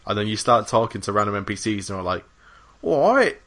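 Man, low voice, casual podcast chat, rambling, lots of ums. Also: flat delivery, quick pace, sharp tone. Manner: rambling, many fillers and restarts. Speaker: podcast co-host. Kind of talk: casual chat about games.

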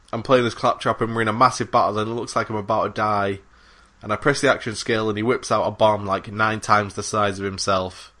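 A man's voice: fairly low pitch, bright, forceful tone. A man co-hosting a gaming podcast in a casual, rambling, enthusiastic chat with plenty of fillers and swearing. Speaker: podcast co-host.

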